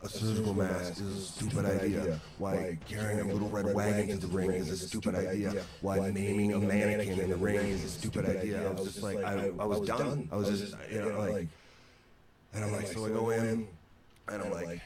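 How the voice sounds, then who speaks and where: Interview guest, male, low voice, wry and exasperated storyteller, echoey and far off with loud game noise behind. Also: flat delivery, a little fast, a crowd in the background. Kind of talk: storytelling anecdote. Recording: echoey distant replay from a stream.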